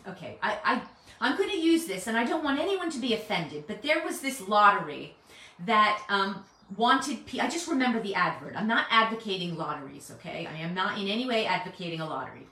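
Lively, earnest woman teaching the Bible. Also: on the high side, far from the mic. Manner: earnest and persuasive, often checks in with listeners. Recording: echoey room.

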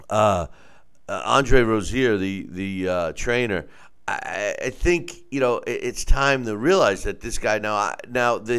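Blunt man with a smooth low voice. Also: a bit bright. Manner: blunt, opinionated. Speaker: boxing commentary host. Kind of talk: casual opinionated commentary.

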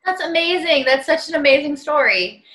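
A woman interviews a guest, her voice bright and fairly high. She encourages him with short, eager exclamations. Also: expressive, normal speed.

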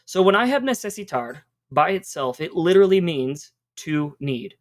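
A woman's voice: sits low, sing-song, normal speed. Upbeat woman teaching Spanish. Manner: upbeat, encouraging, spells out words. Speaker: Spanish teacher, podcast host. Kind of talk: casual teaching on a podcast.

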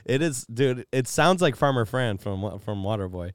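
A man's voice: on the low side, lively intonation, moderate pace, smooth, no room sound, studio quality. A young man co-hosting a podcast, rambling through crude stories and laughing often. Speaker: podcast co-host. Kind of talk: casual chat.

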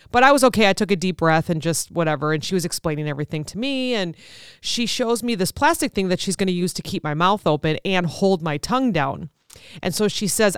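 A woman's voice: mid-range voice, expressive, a little fast, clean tone, dry recording, clean studio sound. A woman podcast host telling a personal story in a candid, conversational way. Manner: candid and conversational, with frequent fillers.

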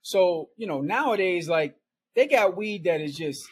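Chatting casually on a podcast, a middle-aged guest tells a long, meandering story, laughing frequently and tacking "right?" and "man" onto what he says. His high voice has lively intonation and an unhurried pace, with a bit of hiss or hum in the audio.

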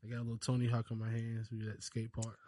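A man in his thirties co-hosting a podcast, telling stories in animated casual chat and laughing often. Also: medium pitch, very fast, no echo. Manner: animated storyteller, acts out voices, laughs a lot. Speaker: podcast co-host.

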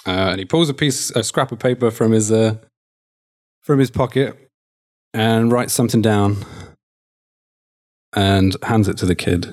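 A man's voice: lowish voice, a little slow, pauses often, a little mellow. A man playing a tabletop role-playing game, describing his character's actions with hesitant fillers. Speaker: player.

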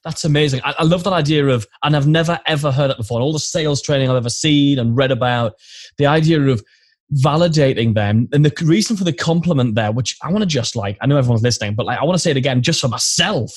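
A man's voice: mid-range voice, fast, dry recording, studio quality. A man co-hosting a podcast, reacting with enthusiasm and restating the guest's points. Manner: enthusiastic, restates ideas aloud. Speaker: podcast co-host. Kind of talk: podcast interview.

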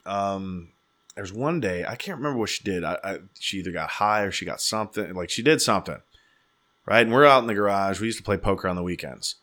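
A young adult man hosting a casual chat and telling a story with animated, swearing delivery, acting out what people said. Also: lowish voice, quick pace. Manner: animated, swearing, acts out quotes.

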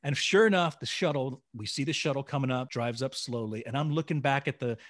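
A man co-hosting a podcast, telling a story in a casual, animated way, acting out dialogue and laughing along. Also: medium pitch, brisk. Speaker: podcast co-host.

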